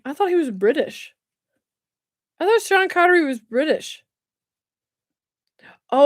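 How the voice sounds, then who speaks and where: A woman with a high, bright voice runs a casual livestream. She chats freely, laughs often and reads comments aloud. The sound is dry and close to the mic. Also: animated, normal speed, long pauses, dry recording. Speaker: livestream host. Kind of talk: casual live chat.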